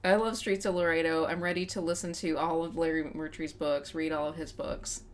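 A woman's voice: low-pitched, flat delivery, fairly quick, slight background noise. A woman from West Texas co-hosting a podcast, chatting candidly and poking fun at herself. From West Texas, USA. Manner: chatty, candid and self-mocking. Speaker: podcast co-host. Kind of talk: casual chat.

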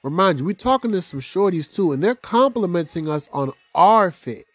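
A young man hosting a casual vlog, telling a story in profane street slang with lively, animated delivery. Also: normal speed, no echo, highs cut off. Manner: animated, profane street slang, big rises in pitch for quoted reactions. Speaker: vlog host.

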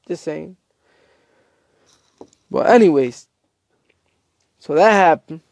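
Animated man telling a story, dry sound. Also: on the high side, takes it slowly, gravelly, no room sound. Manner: animated, acts out quotes, self-interrupting. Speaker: host. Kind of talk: casual comedic storytelling rant.

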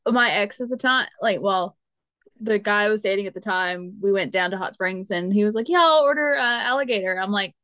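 A woman co-hosting a podcast, chatty and animated with laughing asides in casual conversation. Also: mid-range voice, fairly quick, no echo. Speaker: podcast co-host. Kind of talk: casual chat.

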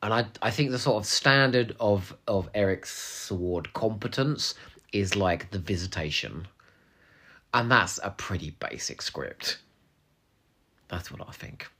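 A man's voice: on the low side, a little slow. A young man co-hosting a podcast, answering listener questions in a cheeky, playful way, often dropping into asides and whispers. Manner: animated, cheeky and playful, drops into whispers and laughs. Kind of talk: casual podcast chat.

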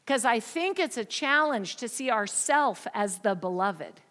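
A woman preaching a sermon through a story, swinging dramatically in loudness and often dropping to a whisper. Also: fairly high pitch, lively intonation, unhurried. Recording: long hall reverb.

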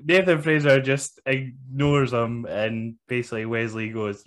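A man's voice: mid-range voice, little pitch movement, unhurried, few pauses. A man hosting a podcast, laid-back and swearing as he runs through segments in casual chat. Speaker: podcast host.

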